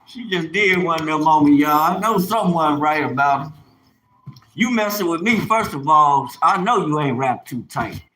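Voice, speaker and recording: A man chatting on a live stream in an animated, preachy, joking way, laughing often. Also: a little high, unhurried, poor audio. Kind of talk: casual live-stream chat.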